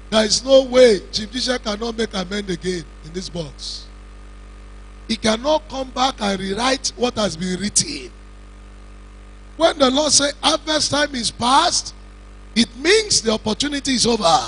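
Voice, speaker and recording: A man with a Nigerian Yoruba-speaking accent preaching a funeral sermon in a cathedral, slow and emphatic, with shouted lines and questions he puts to the congregation. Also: extremely high pitch, husky, poor audio. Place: large cathedral.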